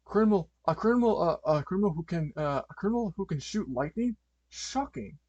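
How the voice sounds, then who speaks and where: A man's voice: high-pitched, lively intonation, a little fast, darkish tone, dry recording, lo-fi sound, voice pushed up. A noble, earnest superhero dog speaks up for justice, as a man reading fan fiction puts him on. The voice sits a little above the reader's own, dry and close, with stammered restarts. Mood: heroic. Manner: earnest, rhyming hero lines, stammering. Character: heroic male superhero dog.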